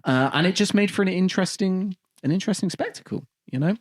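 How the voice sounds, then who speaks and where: A man's voice: high voice, fast. A man co-hosting a podcast, rambling through a comic story and laughing often. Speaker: podcast co-host. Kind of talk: casual comedic chat.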